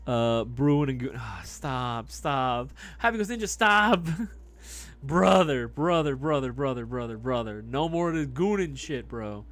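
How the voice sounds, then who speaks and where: A young man hosting a live stream, chatting casually and reacting loudly to chat messages. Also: mid-range voice, animated, a little slow, no echo. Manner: laid-back, chummy, calls people dog and brother.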